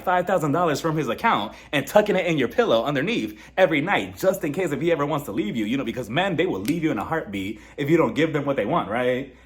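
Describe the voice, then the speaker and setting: A man hosting his own channel, giving a casual, jokey recap of a reality show episode. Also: fairly high pitch. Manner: animated, jokey, mimics cast members. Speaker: reality TV review YouTuber.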